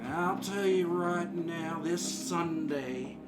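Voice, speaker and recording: A man's voice: on the high side, slow, loud music behind the voice. A man voicing a boastful elderly wrestler, drawling his trash talk in a comedic improvised character bit. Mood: bragging. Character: boastful elderly male wrestler, creaky braggart.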